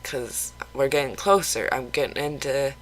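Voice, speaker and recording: Candid rambling vlogger, mid pitch. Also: fairly bright tone, slight background noise, poor audio. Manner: candid, rambling, halting restarts; swears casually. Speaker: mental health vlogger. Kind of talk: casual confessional vlog.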